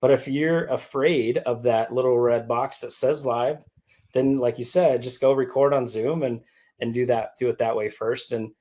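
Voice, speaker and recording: A man's voice: mid-range voice, steady tone, normal speed, mellow. A man guesting on an interview, explaining things in an easygoing, conversational way with frequent restarts. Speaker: podcast co-host guest. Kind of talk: casual interview chat.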